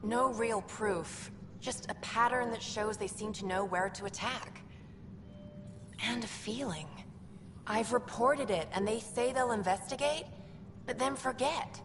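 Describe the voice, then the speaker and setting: A woman's voice: fairly high pitch, unhurried, long reverb tail, background noise, close to an everyday voice. An actress voicing an earnest young woman working as a station comms officer, eager and confiding as she talks.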